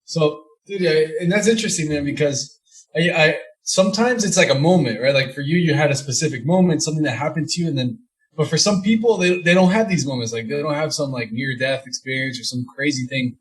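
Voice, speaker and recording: A man's voice: fairly high pitch, a little fast, rough recording. A man hosting a casual podcast interview, asking long, loose questions full of slang and restarts. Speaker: podcast host.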